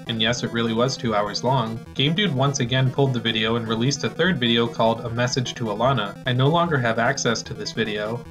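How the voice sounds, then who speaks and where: Man narrating documentary, wry measured delivery, middle pitch, guitar music behind. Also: low-quality recording.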